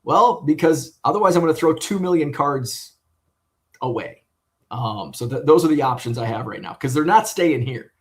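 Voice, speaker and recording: A man's voice: on the high side, expressive, normal speed. A man vlogging casually about his sports card hobby, rambling and swearing as he vents about a bad customer service experience. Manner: rambling and profane, retelling with exasperation. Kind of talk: casual venting monologue.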